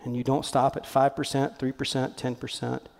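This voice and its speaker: A man, a pastor telling a story in a sermon, animated and conversational, acting out the voices he quotes. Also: mid-range voice, moderate pace, vocal fry. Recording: long hall reverb.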